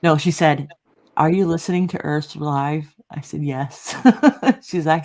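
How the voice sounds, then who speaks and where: A woman's voice: low-pitched, steady tone, a little slow, darkish tone. A woman co-hosting a casual livestream chat, agreeable and chatty, reading out comments.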